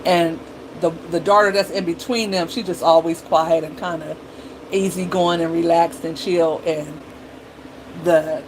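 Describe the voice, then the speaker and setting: A woman's voice: lowish voice, fairly even intonation, a little slow, noisy background. A middle-aged woman talking casually to her viewers as a mom vlogger, chatty and blunt, acting out her kids and herself.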